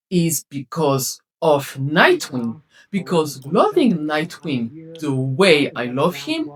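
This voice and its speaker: A woman vlogger rants to camera about a TV series in a casual way. She's passionate and exasperated, swinging between loud outbursts and low mutters.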